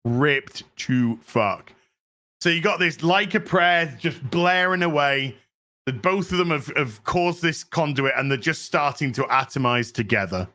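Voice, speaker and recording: Male podcast host, bright tone, loose excited movie recap, profane and filler-heavy. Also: on the high side, moderate pace. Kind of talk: casual movie recap chat.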